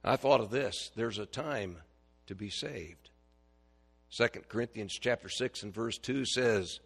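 Male preacher, gravelly and husky, folksy sermon, asks the pews questions. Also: on the low side, measured pace, a bit bright. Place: church.

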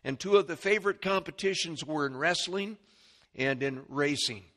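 A man preaching a sermon in a church, dropping to a low murmur and then rising into high, shouted bursts as he gets animated. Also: normal speed. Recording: long hall reverb.

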